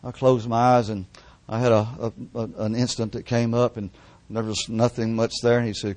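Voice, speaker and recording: A man's voice: medium pitch, level tone, normal speed, few pauses. Fervent older man preaching a testimony. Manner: fervent, repetitive, drops to hushed whispers at emotional peaks. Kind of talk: sermon testimony. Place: church service.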